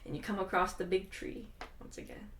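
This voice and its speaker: A woman's voice: medium pitch, steady tone, fairly quick, fairly bright tone, a little hiss or hum. A woman narrating as game master, laughing often and putting on voices for the characters. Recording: echoey room, mic from far off.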